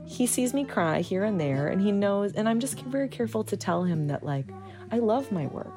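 A woman with a medium-pitched voice talks at normal speed over music. A hospital chaplain, she recalls her experiences in a candid interview, telling stories in an animated, rambling way with fillers.

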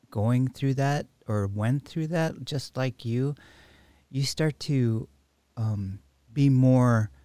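Slow-paced male host, halting and reflective, close dry sound. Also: lowish voice, mellow, no room sound. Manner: halting, many restarts and "you know". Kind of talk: reflective recovery conversation.

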